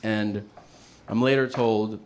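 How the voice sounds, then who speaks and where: A male stand-up comedian telling a story, acting out the people in it in an animated way. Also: on the low side, slow. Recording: noisy played-back clip.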